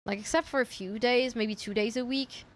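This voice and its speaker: A woman's voice: a little high, normal speed. A woman streamer from France speaking English with a light French accent, chatting casually and often restarting her sentences. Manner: chatty, self-interrupting, swears casually. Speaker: VTuber streamer. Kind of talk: casual reaction stream chat.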